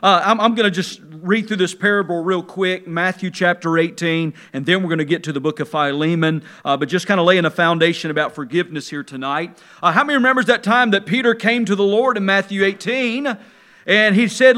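A man preaching a sermon, swinging from quiet musing to loud, emphatic preaching and drawing key words out slowly. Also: high-pitched.

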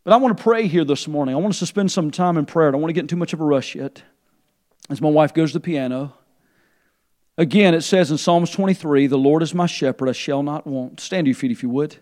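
A man, a pastor, preaching a sermon in a church. He rises to a near shout when quoting scripture and drops to a soft, low voice when leading prayer. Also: quick pace. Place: church sanctuary.

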